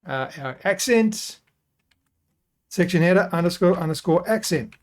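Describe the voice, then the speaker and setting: A man hosting a software tutorial, talking casually and thinking aloud as he works through each step. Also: high voice, expressive, unhurried. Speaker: web design tutorial host. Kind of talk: screen-recorded software tutorial.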